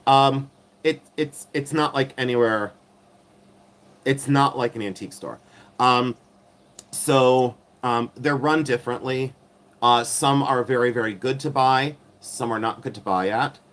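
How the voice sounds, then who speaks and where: A man's voice: mid-range voice, unhurried, fairly bright tone. Rambling, sassy man hosting a live chat. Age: middle-aged. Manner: rambling, many ums, sassy and catty when riled. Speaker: live stream host. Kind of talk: casual live-stream chat.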